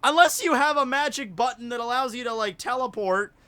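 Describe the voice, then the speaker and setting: A man with a Southern US accent, telling a story in casual livestream chat, rambling and animated with lots of fillers. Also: very high voice, brisk, clear, resonant tone. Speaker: YouTuber hosting a livestream.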